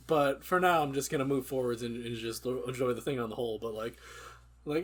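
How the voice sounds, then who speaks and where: Husky, hesitant male podcast host. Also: medium pitch, a bit bright. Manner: hesitant, halting, lots of "like". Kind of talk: casual podcast chat.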